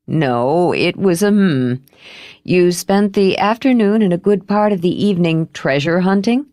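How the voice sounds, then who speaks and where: A woman voicing a wry, teasing young man in an audiobook, with her voice lowered and a dry, amused delivery. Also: a little slow, dark tone, no echo, lightly acted.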